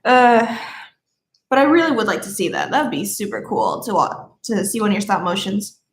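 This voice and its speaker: A woman's voice: mid-range voice, animated, normal speed. A young woman with a slight Southern accent, chatting casually on a live stream, rambling and easily sidetracked. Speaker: livestreamer.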